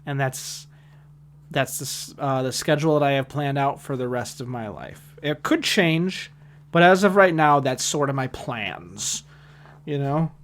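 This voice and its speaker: A man hosting a casual reaction video, talking in a rambling, deadpan, self-mocking way. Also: medium pitch, unhurried, a little hiss or hum. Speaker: host reacting to his old videos.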